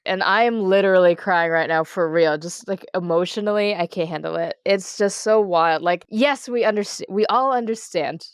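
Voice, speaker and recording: A podcast co-host tells a match story in casual chat, voice smooth and resonant. The delivery is animated, with frequent laughs and casual swearing. The sound is dry and close to the mic. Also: mid-range voice, normal speed, few pauses, no echo.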